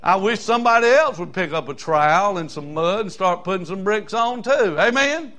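Man preaching a fiery, folksy sermon, pitched high, quiet asides one moment and hollering the next. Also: lively intonation, normal speed. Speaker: pastor.

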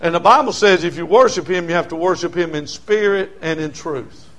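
An older man, preaching a sermon as pastor in a folksy storytelling way, swinging from quiet talk to shouting. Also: on the high side, a little fast.

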